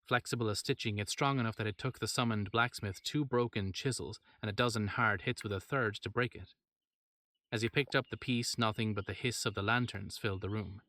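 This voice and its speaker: A man reading a horror story aloud in steady narration, with wry asides. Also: fairly low pitch, brisk.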